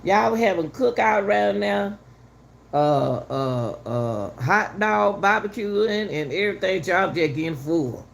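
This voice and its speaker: A woman's voice: mid-range voice, lively intonation, takes it slowly, vocal fry, a little hiss or hum. A middle-aged woman giving heated, casual commentary to her viewers, repeating herself for emphasis. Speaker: channel host commenting on a news case.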